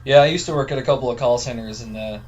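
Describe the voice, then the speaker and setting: A man's voice: mid-range voice, very fast. A man with a Newfoundland accent co-hosting a podcast over the phone from a remote work camp, wry and gossipy. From Newfoundland, Canada. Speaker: podcast co-host. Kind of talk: casual chat. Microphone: phone line. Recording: dull phone audio with faint noise.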